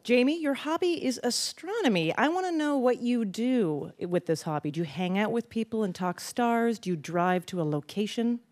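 A woman's voice: on the high side, expressive, normal speed, hardly any pauses, darkish tone. A woman hosting a live quiz show, introducing contestants and bantering playfully. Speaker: game show host.

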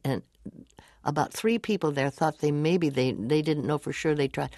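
A woman's voice: low-pitched, normal speed, a little mellow, no room sound, studio quality. An older woman as an interview guest, telling anecdotes animatedly, laughing often and acting out whispered lines.

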